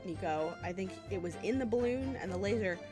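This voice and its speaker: A woman streamer casually commenting while playing a courtroom game, with giggly, relaxed asides. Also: mid-range voice, brisk, over music. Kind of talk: game playthrough reading and commentary.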